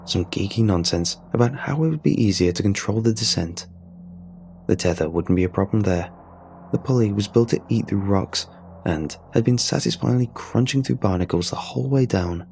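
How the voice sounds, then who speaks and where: A man's voice: fairly low pitch, normal speed, vocal fry, a little mellow, a little hiss or hum. A man reading a first-person adventure story aloud in a wry, sardonic manner. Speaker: narrator. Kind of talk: scripted story narration.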